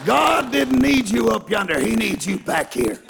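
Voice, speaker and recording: A man's voice: very high voice, sing-song, measured pace, creaky, crowd noise, background noise, full character voice. A man quoting a stern, scolding wife. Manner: scolding, blunt. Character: stern older woman scolding her husband.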